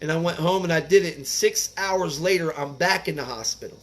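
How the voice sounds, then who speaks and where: A man's voice: a little high, a little fast. A man reading a recovery text aloud and breaking off into earnest personal commentary, talking casually and dropping in "man" and "like". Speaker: recovery speaker reading the Big Book.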